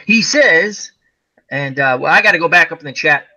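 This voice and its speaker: A man's voice: fairly high pitch, normal speed, rough recording. A man co-hosting a casual chat show, rambling through stories about movies. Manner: rambling, animated storyteller. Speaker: co-host.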